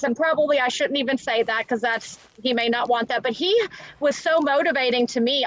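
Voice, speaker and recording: A woman guest on a live interview, talking casually and quickly about her product, with many fillers and restarts. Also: high-pitched, a bit bright, no echo, poor audio. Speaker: guest entrepreneur.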